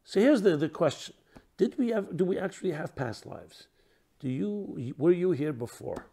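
Thoughtful rabbi, slightly high voice. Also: male voice, animated, moderate pace, gravelly, breathy edge. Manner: thoughtful, asks rhetorical questions, trailing off softly. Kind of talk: reflective teaching talk.

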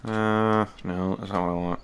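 Rambling, cursing game commentator, low voice. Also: male voice, little pitch movement, moderate pace, noisy background. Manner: rambling, swears, talks to himself while playing. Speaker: gameplay commentator. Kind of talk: casual let's-play commentary.

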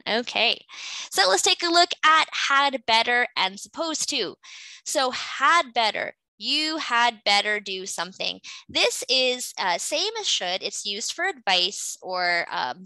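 A woman's voice: on the high side, pushed and bright, no echo, low-quality recording. A Canadian woman teaching an English class over a video call, patiently explaining grammar and calling on students.

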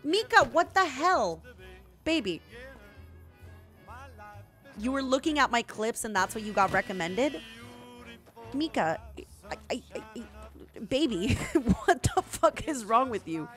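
A young woman streaming a video game, chatting casually with viewers in excitable bursts. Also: a little high, slow pace, long pauses. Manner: excitable, yelling and laughing bursts. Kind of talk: casual gameplay commentary. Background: game music.

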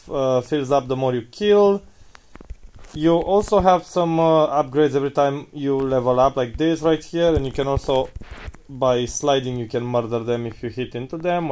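A man giving casual, crude gameplay commentary, breaking into loud hype shouts. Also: on the high side, low-quality recording. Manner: crude, excitable, yells hype callouts.

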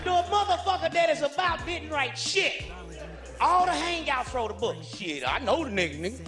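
A man doing a stand-up comedy routine in a blunt, profane, animated way. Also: very high-pitched, moderate pace. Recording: live show with crowd and music.

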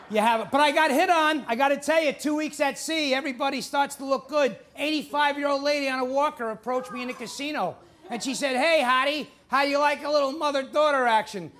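A man's voice: very high voice, fairly bright tone, slight background noise. A man performing a stand-up comedy set in a TV studio, with punchy delivery. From New Jersey. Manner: punchy joke delivery with put-on character voices. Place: TV studio with live audience.

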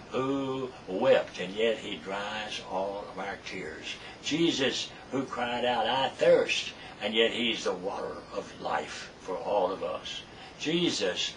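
A man delivers a sermon, earnest and steady, rising into fervent repetition. His voice sits at an ordinary pitch. The mic is set back from him, with a faint hum of noise underneath. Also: far from the mic, low-quality recording. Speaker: preacher.

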